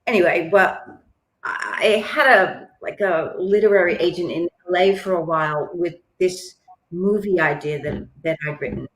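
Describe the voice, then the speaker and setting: A woman's voice: lowish voice, moderate pace. Woman songwriter on a podcast, laughy and self-mocking, roomy echo on her mic. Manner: chatty and self-deprecating, laughs often. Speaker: singer-songwriter and author, guest. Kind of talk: casual interview chat. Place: lives in Melbourne.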